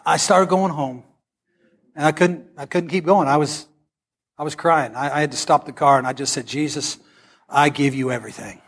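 A middle-aged man, preaching a storytelling sermon. He is animated and humorous, and swings between loud and hushed. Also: fairly high pitch, normal speed.

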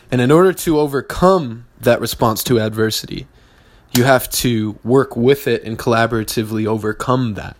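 A man hosting a solo business podcast, talking in a blunt, heavily profane and mocking way. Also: medium pitch. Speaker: business owner and podcast host.

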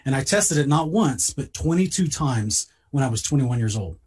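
In a casual podcast conversation, a man shares a personal story, earnest and halting, often repeating words as he begins a sentence. His mid-range voice is husky, animated, and darkish in tone.

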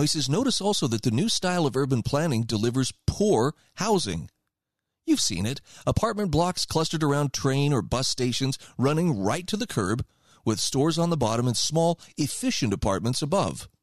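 A man's voice: medium pitch, no echo, clean studio sound. A man hosting a radio talk show, giving opinion commentary in a conversational, emphatic way and reading passages aloud.

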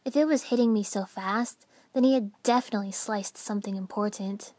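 A woman's voice: medium pitch, fairly quick, no echo. Woman reading a story dramatically. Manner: dramatic, with hushed whispered passages. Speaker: audiobook narrator. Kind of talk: expressive first-person story reading.

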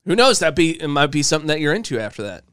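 A man's voice: a little high, very animated, racing, a bit bright, clean tone, no room sound, studio quality. A young man co-hosting a podcast, teasing and joking in casual chat with his partner. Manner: teasing, playful, jokey. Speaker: podcast co-host.

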